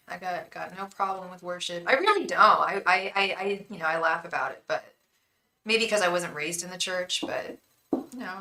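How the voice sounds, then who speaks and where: A woman's voice: fairly low pitch, normal speed, sharp tone, echoey room, a little hiss or hum, poor audio. A woman reading tarot on a live stream, chatting casually and joking in rambling asides to viewers. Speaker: tarot reader and psychic.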